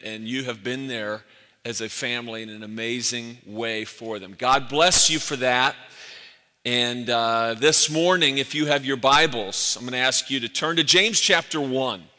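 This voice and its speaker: A man's voice: mid-range voice, bright, forceful tone. A man preaching a sermon as pastor, earnest and building emphasis through repeated phrases. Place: church sanctuary. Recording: echoey church hall.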